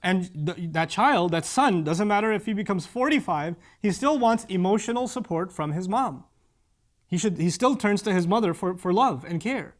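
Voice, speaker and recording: A man with a notably high voice preaches about parenting, earnest and direct. He drives his points home by repeating key lines and recites Arabic verses at speed. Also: lively intonation. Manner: recites Arabic scripture quickly. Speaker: Islamic preacher. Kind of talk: religious talk on parenting.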